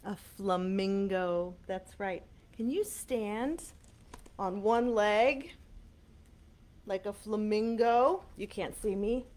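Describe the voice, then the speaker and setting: A woman librarian reading a picture book aloud to small children, animated and coaxing, asking them questions, recorded on a webcam. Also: mid-range voice, slow. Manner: animated, sing-song, coaxing questions to kids.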